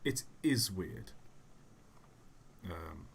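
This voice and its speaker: A soft-spoken young man answering chat questions on a casual livestream, rambling and self-deprecating. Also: low-pitched, lively intonation, very slow, vocal fry, a little hiss or hum. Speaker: YouTube channel host. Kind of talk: casual livestream Q&A while gaming.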